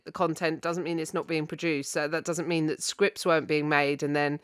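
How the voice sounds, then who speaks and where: A woman's voice: sits low, clear, resonant tone, no echo, studio quality. A woman, a comedian guest riffing animatedly in a panel chat. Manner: animated, joking, quick asides.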